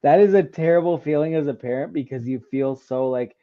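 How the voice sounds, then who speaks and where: A man's voice: on the high side, a little fast. A man in his thirties chatting casually as co-host, laughing often and riffing with jokes. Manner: laughs often, jokey reactions. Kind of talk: casual chat. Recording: dull lo-fi sound.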